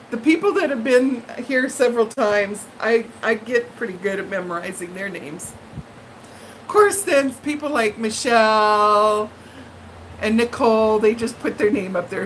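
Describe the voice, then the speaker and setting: A woman's voice: fairly high pitch, measured pace, slight background noise, rough recording. A woman hosting a live stream from home, chatting casually with viewers in a rambling, friendly way with lots of fillers. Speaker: livestream host chatting with viewers. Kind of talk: casual live-chat monologue.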